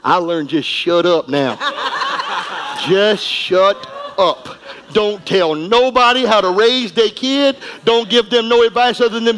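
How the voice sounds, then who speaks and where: A middle-aged man preaching a sermon, folksy and emphatic, going from quiet asides to shouting. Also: high voice, takes it slowly, a little hiss or hum, low-quality recording. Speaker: pastor.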